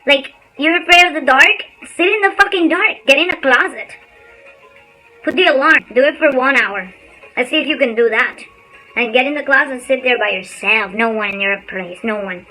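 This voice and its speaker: Brief: high, bright-toned woman host, blunt, lively motivational storyteller, faint music under her. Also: moderate pace, poor audio. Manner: animated storyteller, blunt and swears casually. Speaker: spiritual insights channel host. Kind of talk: casual motivational talk on a livestream.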